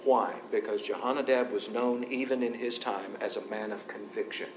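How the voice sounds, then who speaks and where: At a moderate pace and with fairly even intonation, a man reads from scripture and talks it through conversationally for a Bible study group. Echo fills the room along with a faint low rumble.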